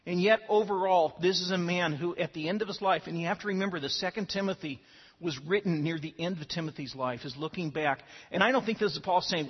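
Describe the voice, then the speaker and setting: Husky-voiced preacher in an echoing hall. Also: male voice, high voice, a little fast. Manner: earnest, repeats words at starts of phrases. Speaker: pastor. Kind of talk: sermon. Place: church sanctuary. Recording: lo-fi with long hall reverb.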